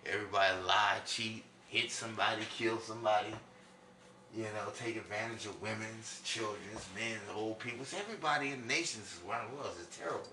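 A man from New York doing a loud, preachy comic monologue that swings between high and low. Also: a little fast, far from the mic, background noise. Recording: echoey room, from off-mic.

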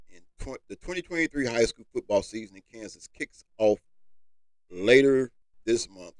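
A man's voice: mid-range voice, no echo, rough recording. A man hosting a solo sports podcast, reading a rankings list with lifting emphasis and loose colloquial asides to listeners. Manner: reads list with rising emphasis, casual asides. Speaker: podcast host.

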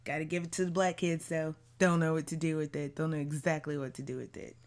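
A woman's voice: deep voice, little pitch movement, fast talker. A woman hosting her own podcast in a casual solo monologue, blunt, slangy and outspoken. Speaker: podcast host.

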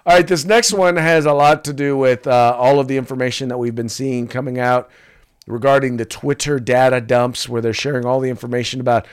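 This co-host of a casual political podcast has a mid-range, clean-toned voice and speaks a little quickly. Lively throughout, he reads ads and walks through memes while acting out the quotes.

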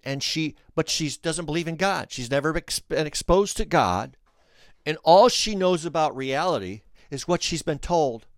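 A man hosting a podcast, telling a story in an animated way, restarting phrases and speaking straight to the listeners. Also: fairly high pitch, no echo, studio quality. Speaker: podcast host. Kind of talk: storytelling commentary.

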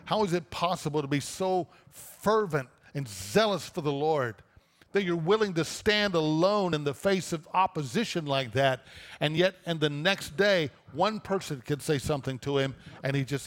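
A man's voice: on the high side, moderate pace, long reverb tail. A man preaching a sermon, reading a scripture passage aloud and then explaining it with rhetorical questions. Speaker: pastor.

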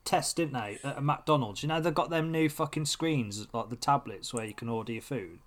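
A man's voice: mid-range voice, fairly quick, a bit bright. A man, telling crude stories on a casual podcast, blunt and full of swearing. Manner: blunt, heavy swearing, storytelling. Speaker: podcast co-host.

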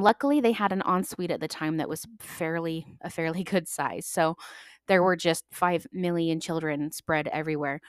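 Casting note: young woman solo podcast host, lively storyteller, lowish pitch, dry close-mic sound. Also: dry recording. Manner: chatty, animated, acts out quoted voices. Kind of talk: casual storytelling monologue.

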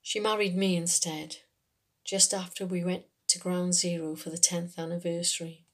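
A woman reading a first-person short story, telling it in an unhurried, conversational way in a working man's dialect. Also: lowish voice, little pitch movement. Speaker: story reader.

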